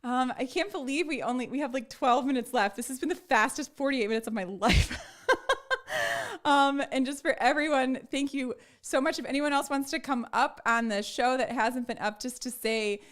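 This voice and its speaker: A woman's voice: high voice, fairly quick, few pauses, a bit bright. Effusive woman hosting a live show. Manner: effusive, gushing, many fillers. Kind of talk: casual live-stream chat.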